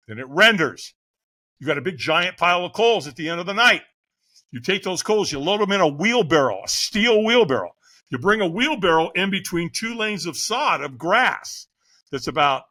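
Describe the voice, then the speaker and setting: A middle-aged man with a high, bright voice tells his story as a podcast guest, his pitch swooping up and down. He acts out what people said and laughs easily as he goes. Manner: animated, vivid storyteller who acts out quotes and laughs often. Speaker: guest, fire captain.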